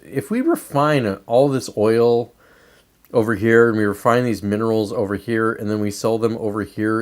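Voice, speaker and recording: Brash swearing man ranting. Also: medium pitch. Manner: brash, swearing, talks to a pointer and chat. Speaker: livestream host. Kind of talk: profane political rant.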